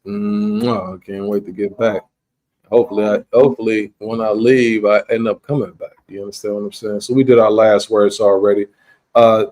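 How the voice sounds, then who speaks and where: A man's voice: on the low side, a little mellow. A man hosting a podcast, telling rambling, laid-back stories in casual chat. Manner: rambling, laid-back storytelling with frequent "you understand". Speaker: podcast host.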